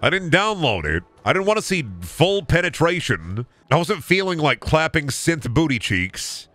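A man's voice: fairly high pitch, big pitch swings, normal speed, a bit bright, no echo. Tired midwestern dude in his 20s streaming games, jokey and crude, dry close mic sound. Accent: Midwestern American. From Iowa, US Midwest. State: sleep-deprived. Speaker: gaming streamer. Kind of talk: casual livestream commentary.

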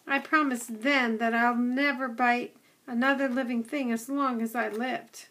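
A woman voicing a timid young dog who is anxious and gentle, speaking in a fretful, whimpering way. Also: fairly high pitch, fairly even intonation, unhurried.

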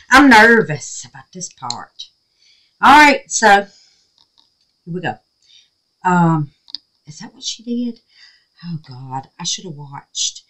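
A middle-aged woman hosting a crafting video, talking casually and excitably with many exclamations. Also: mid-range voice, poor audio. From Southern United States. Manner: chatty, excitable, frequent exclamations. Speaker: resin craft video host. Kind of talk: casual crafting demo talk.

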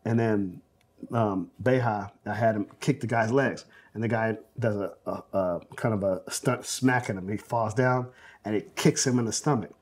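A man in his forties from South Central Los Angeles, a film director telling anecdotes in an interview, animated and full of fillers, acting out quotes. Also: on the low side, moderate pace, slight background noise. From South Central Los Angeles, USA. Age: 40s. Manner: animated storyteller, acts out quotes, many fillers. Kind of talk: oral history interview, anecdotal storytelling.

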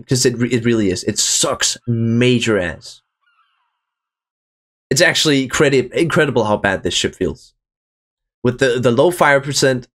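A young man commenting on his own gameplay, excited and swearing, calling his viewers boys and guys. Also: medium pitch. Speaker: gaming channel host. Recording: faint music in the background.

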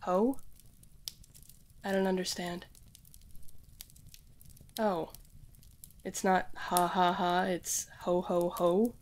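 A woman's voice: on the low side, steady tone, very slow, pauses often, darkish tone, a little hiss or hum. A woman playing a scatterbrained young witch in training. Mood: puzzled. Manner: rambling, addresses the listener directly. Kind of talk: audio role-play for a listener.

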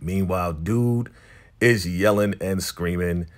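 A man giving a casual, animated recap of a TV episode, laughing often as he tells it. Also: low voice, slow pace. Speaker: recap vlogger.

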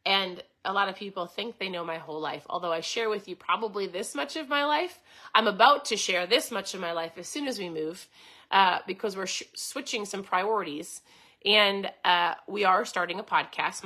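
A woman hosting a casual podcast monologue in a bright, sharp-edged voice. She talks chattily and keeps checking in with the listener through tag questions. Her pitch sits in the ordinary middle for a woman. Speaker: podcast host. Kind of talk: casual monologue, reading from a book.

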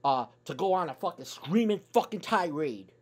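A man's voice: a little high, animated, normal speed. A man delivering a profane, angry sports fan rant on his YouTube channel, swearing in nearly every sentence.

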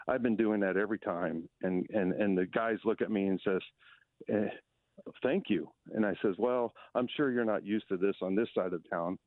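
A man calling in to share a quick story, stumbling over his restarts as he goes. His voice sits fairly low and comes through a tinny, dry phone line. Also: no room sound. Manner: hesitant, many restarts. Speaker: caller.

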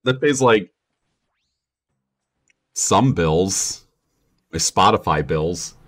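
A man's voice: sits low, animated, very slow. A young man streaming while he plays a game, chatting in a rambling, profane and sarcastic way. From New Jersey family. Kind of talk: casual chat while gaming.

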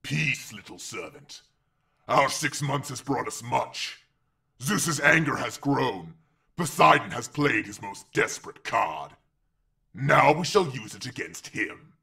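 A man's voice: medium pitch, expressive, bright, forceful tone, full character voice. A man voicing an ancient evil male being speaking from a pit, cold, scornful and commanding in an audiobook. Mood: menacing. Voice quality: slow, gravelly, cold and menacing. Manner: drawn-out, commanding delivery. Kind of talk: audiobook character voice.

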